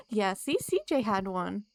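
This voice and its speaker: A woman's voice: mid-range voice, expressive, slow pace, a little hiss or hum. A woman streamer chatting casually with her live viewers while she plays, teasing them back in a playful way and laughing often.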